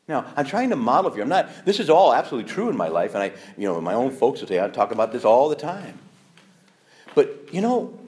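A man in his fifties, a priest giving an animated, emphatic sermon with quoted asides. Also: medium pitch.

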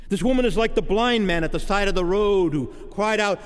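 A man's voice: sits high, a little fast, few pauses, smooth, in a large hall. A man preaching a sermon in a dramatic cadence, acting out the voices of the people he quotes.

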